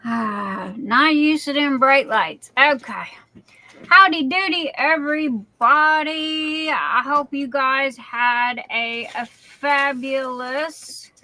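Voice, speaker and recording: Folksy high-voiced woman. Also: takes it slowly, hardly any pauses, sharp tone. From Louisiana, USA. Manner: chatty and folksy, playful greetings, trailing fillers. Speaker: livestream host. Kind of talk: casual live-stream chat, greeting viewers by name.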